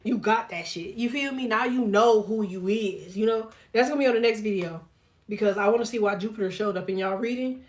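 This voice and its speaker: A woman's voice: mid-range voice, brisk. Blunt, profane woman tarot reader. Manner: profane, blunt and jokey, laughs often; talks to viewers directly, reads chat aloud. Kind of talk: casual livestream tarot and astrology chat.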